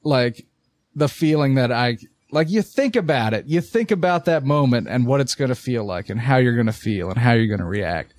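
A man's voice: medium pitch, normal speed, no room sound, studio quality. Swearing young man telling a story. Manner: animated storytelling, heavy swearing. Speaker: podcast co-host. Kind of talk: casual chat.

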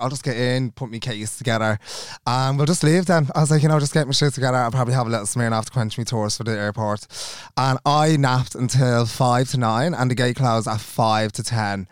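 A young man, co-hosting a casual podcast chat and telling animated stories, acting out the voices of the people in them. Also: mid-range voice, clear, resonant tone, no room sound, studio quality. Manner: animated storyteller, acts out dialogue in quick voices. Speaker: podcast co-host.

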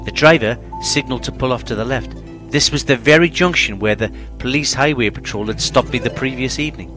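A man reading a crime novel aloud in measured, steady scripted narration. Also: mid-range voice, soft background music. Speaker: audiobook reader.

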